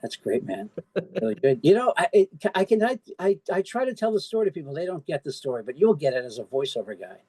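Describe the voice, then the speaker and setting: A man hosting a podcast interview, talking casually and stumbling through quick restarts. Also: on the high side, very animated, mellow, no echo. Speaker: podcast host.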